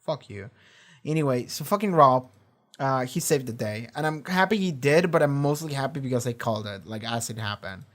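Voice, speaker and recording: Casual and animated, a man rambles through reaction commentary at his home streaming setup, swearing plenty and restarting sentences, his medium-pitched voice moving fairly quickly.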